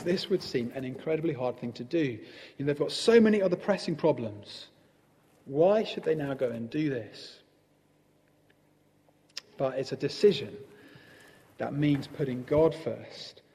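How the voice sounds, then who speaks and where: A man preaching a sermon in a gentle, conversational manner with pauses. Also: mid-range voice, expressive, long reverb tail.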